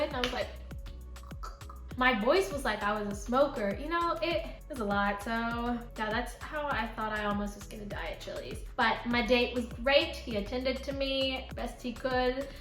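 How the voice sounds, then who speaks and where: A woman's voice: a little high, pushed and bright. A woman in her twenties telling a story-time vlog in a chatty way, full of "like" fillers. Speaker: vlogger. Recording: echoey room.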